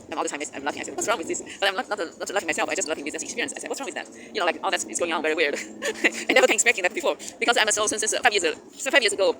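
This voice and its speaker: A man giving a spiritual monologue as host of his channel, halting with many fillers and restarts and laughing often. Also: fairly high pitch. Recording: noisy background hiss.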